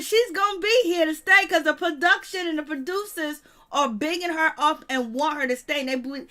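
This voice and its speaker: A woman's voice: high voice, brisk, few pauses, sharp tone. A woman co-hosting a casual recap chat, blunt and emphatic, laughing easily. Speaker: co-host.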